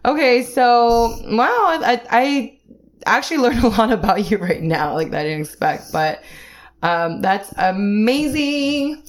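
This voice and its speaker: A woman's voice: fairly high pitch, lively intonation, measured pace. A young woman hosting a casual podcast chat, teasing her guest and laughing often. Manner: giggly, teasing. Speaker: podcast host.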